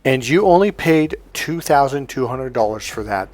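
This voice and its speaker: A man's voice: mid-range voice, expressive, normal speed, a little mellow, no room sound, soft background music. A man working as a dating coach, telling a story to camera in a blunt, casual way with heavy swearing.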